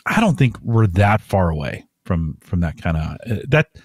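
A man's voice: sits low, very animated, normal speed, husky, no echo, clean studio sound. A man co-hosting a casual podcast chat, thinking aloud and restarting his sentences as he muses. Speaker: podcast co-host.

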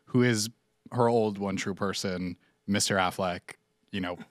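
A man's voice: lowish voice, steady tone, a little slow, no echo. Dry-voiced man chatting on a podcast. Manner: laughs often while describing, many fillers. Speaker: podcast co-host. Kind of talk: casual chat.

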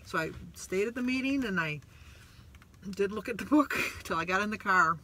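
A man's voice: high-pitched, lively intonation, moderate pace, sharp tone. A middle-aged man vlogging from a parked car, talking in a rambling, emotional, self-deprecating way with many restarts. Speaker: vlogger on a weight-loss journey. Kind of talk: casual vlog monologue.

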